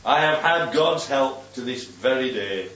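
Man reading as an earnest apostle pleading his case, lively pitch, heard from a distance. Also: measured pace. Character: male apostle on trial, earnest and respectful. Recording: distant, roomy, dull recording.

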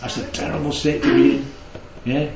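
A man's voice: medium pitch, level tone, moderate pace, vocal fry, noisy background. A man leading a group Bible study, teaching interactively and keeping the group involved with frequent check-ins. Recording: roomy, slightly dull recording.

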